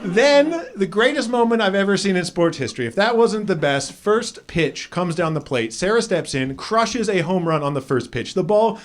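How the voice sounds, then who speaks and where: A man's voice: high-pitched, moderate pace, few pauses. A man performing stand-up comedy on a club stage, telling stories and acting out characters in a raised voice. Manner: animated storytelling, acts out characters with raised voice. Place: comedy club stage before a live audience. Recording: live club audience laughter.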